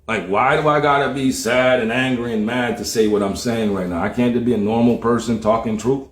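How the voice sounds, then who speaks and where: A man's voice: mid-range voice, fairly even intonation, brisk. A man giving a blunt, profane, slang-heavy casual rant, often repeating himself. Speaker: streamer. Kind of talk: casual ranting monologue. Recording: roomy echo.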